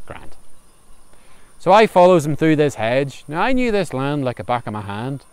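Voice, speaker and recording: Male storyteller, chatty and humorous, slightly high, very dry recording. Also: sing-song, fairly quick, darkish tone, clean tone, dry recording. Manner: chatty, humorous yarn-spinning. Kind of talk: spoken folk storytelling. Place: outdoors under a tree on a farm. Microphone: camera recording outdoors.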